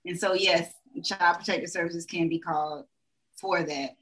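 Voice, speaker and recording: Young woman dentist guesting on a podcast, chatty and blunt, kinda low voice. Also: fairly even intonation, normal speed, fairly bright tone, poor audio. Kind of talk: casual podcast chat.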